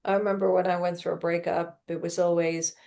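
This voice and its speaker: A woman's voice: on the low side, little pitch movement, fairly quick, dark tone. A woman speaking in conversational podcast talk, telling her story expressively and acting out past conversations.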